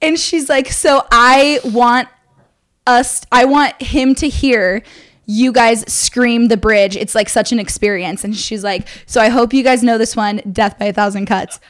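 A young woman co-hosting a casual podcast, telling an excited story fast with lots of fillers. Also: on the high side. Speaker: podcast co-host. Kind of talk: casual chat.

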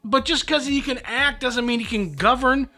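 A man co-hosting a podcast in casual chat, animated and opinionated, laughing easily. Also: extremely high pitch, moderate pace. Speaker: podcast co-host.

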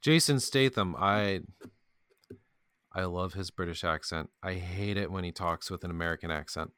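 A man's voice: low-pitched, normal speed, bright, forceful tone, smooth, no echo, studio quality. A man co-hosting a podcast in casual chat, rambling with restarts and laughing at his own jokes. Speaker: podcast co-host.

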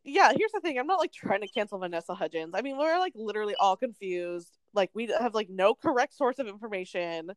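A young woman gossiping in a casual chat, full of "like" and quick asides. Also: medium pitch, animated, no echo. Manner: chatty, lots of "like", laughs often.

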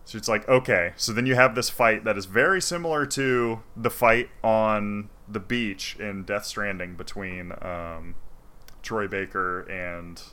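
Guy with a lowish voice but really bright forceful tone, swearing a lot while he recaps a game story. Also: measured pace. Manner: profane, animated storytelling. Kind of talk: casual chat retelling a video game plot.

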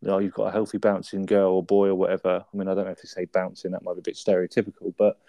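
Bloke chatting about a tv episode, warm low voice, laughs a lot, dry sound. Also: male voice, completely flat delivery, racing, creaky, no room sound. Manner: laughs often, acts out quoted lines in a raised voice. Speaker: podcast co-host. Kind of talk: casual chat reviewing a sitcom episode.

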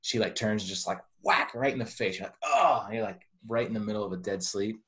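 A man's voice: on the low side, steady tone, fast talker, a bit bright. A man co-hosting a podcast, telling casual stories in a rambling way. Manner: rambling, many "like" fillers. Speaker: podcast co-host. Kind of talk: casual chat.

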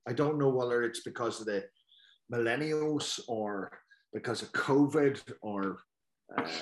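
A man's voice: on the low side, slight background noise. A man on a casual podcast, grumbling about the state of things. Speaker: podcast co-host. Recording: roomy echo.

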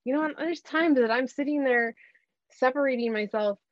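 A woman's voice: high-pitched, moderate pace, dry recording, muffled recording. A woman giving earnest, coaching advice in a conversational talk, often acting out what to say to yourself.

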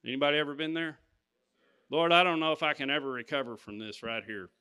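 A man's voice: on the high side, steady tone, fast talker, pushed and bright, clean tone. A man preaching a sermon, reading scripture and talking to the congregation in an emphatic, conversational way.

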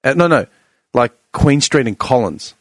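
A man's voice: mid-range voice, moderate pace, no room sound. A man telling a story in a casual chat, acting out both sides of the conversation. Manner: animated, acts out both sides of dialogue.

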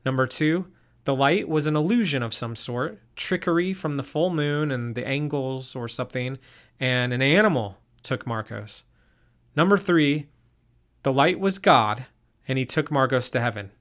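A man narrating a first-person story in an even, steady reading voice. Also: mid-range voice, moderate pace.

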